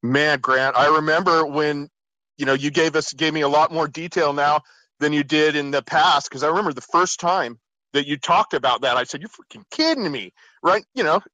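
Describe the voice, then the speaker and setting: A man's voice: fairly high pitch, steady tone, normal speed, pushed and bright, no echo, highs cut off. A man co-hosting a casual chat, reacting with enthusiasm and sharing memories. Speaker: co-host.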